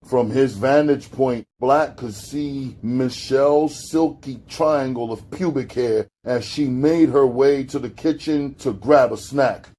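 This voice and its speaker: A man narrating a gritty street novel as an audiobook, in a low-key, unhurried storytelling manner with street slang. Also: mellow.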